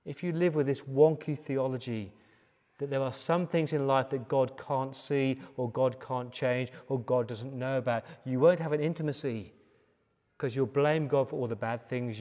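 A man's voice: mid-range voice, steady tone, moderate pace, mellow, in a large hall. A man with an English accent preaching a sermon as pastor, emphatic and building through repeated phrases. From England. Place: church.

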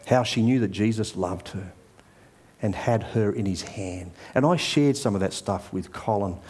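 A man's voice: fairly low pitch, darkish tone. A middle-aged man, preaching a sermon in a conversational, earnest way and telling a personal story.

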